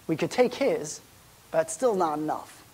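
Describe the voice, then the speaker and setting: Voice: mid-range voice, lively intonation, normal speed, a little mellow, husky. A pastor preaching a sermon in a church, in a conversational way that wonders aloud and asks rhetorical questions.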